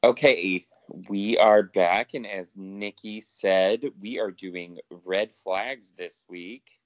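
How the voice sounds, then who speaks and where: A man's voice: on the low side, takes it slowly, lo-fi sound. A man co-hosting a podcast in casual chat, talking freely with lots of swearing and laughter. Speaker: podcast co-host.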